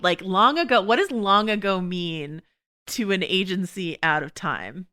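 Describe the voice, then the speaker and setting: A woman hosts a podcast in a loose, chatty way, talking fast and dropping "you know" everywhere. Her voice sits a little low but sounds bright and crisp. It is very clear. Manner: quick, chatty, full of "you know" and laughs. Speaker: podcast host. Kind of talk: casual TV discussion chat.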